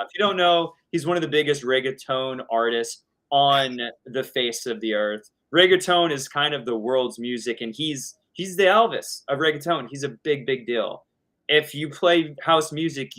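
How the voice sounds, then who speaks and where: A young adult man, a DJ guest on a video-call interview, telling a story in a casual, animated way with swearing and laughter. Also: a little high.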